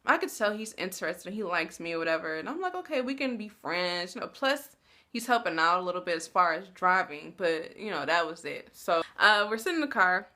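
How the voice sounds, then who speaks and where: A woman in her twenties telling a story to the camera in a blunt, animated, slangy way. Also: on the low side, brisk. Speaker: vlogger. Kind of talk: casual storytelling.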